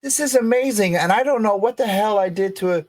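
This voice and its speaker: A middle-aged man co-hosting a podcast stream, chatting in an excitable, effusive way. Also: high voice, brisk. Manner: excitable and effusive, voice jumping up when thrilled. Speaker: podcast co-host. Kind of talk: casual livestream chat.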